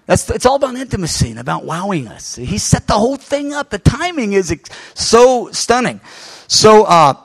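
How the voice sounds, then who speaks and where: A male pastor telling a story in a sermon, animated and acting out the voices of the people in it. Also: sits high, moderate pace, vocal fry, breathy edge, no echo.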